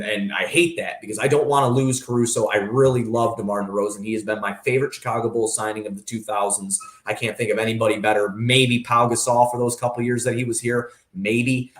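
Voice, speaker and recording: A man speaking as a guest on a sports talk show, passionate and rambling in his opinions. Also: mid-range voice. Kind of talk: casual sports radio talk. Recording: roomy echo.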